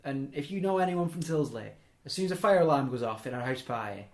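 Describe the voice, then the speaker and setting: A man's voice: on the high side, animated, fast talker. A young man, telling long rambling stories in casual podcast chat, breaking off mid-sentence and adding chuckling asides. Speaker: podcast host. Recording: echoey room.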